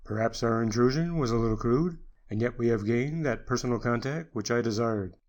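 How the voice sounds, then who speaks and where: A shrewd, composed detective in an audiobook, as a male narrator puts him on. He speaks in a measured, courteous manner, with dry amusement beneath his words. His voice sits at a middle pitch, close to the reader's own. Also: lightly acted. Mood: dryly amused. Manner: measured and courteous, quietly wry. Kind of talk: audiobook character reading.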